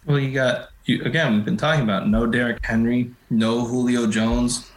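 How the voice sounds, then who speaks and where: A man's voice: mid-range voice, fairly even intonation, moderate pace. Male co-host, jokey sports chat, roomy echo on the voice. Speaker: podcast co-host.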